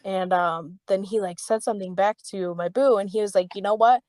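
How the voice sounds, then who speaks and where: At a moderate pace and with fairly even intonation, a young woman hosting a podcast tells a story in a casual, heated way, swearing and saying "like" often. She voices other people in her story with a raised pitch, and her darkish voice is recorded without room sound.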